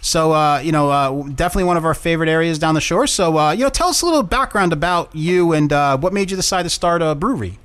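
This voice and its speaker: A man's voice: on the high side, fast talker, hardly any pauses, fairly bright tone. A man hosting a casual podcast, joking and teasing his co-hosts. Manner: joking, teasing, laughs often. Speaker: podcast host. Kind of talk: casual crude chat.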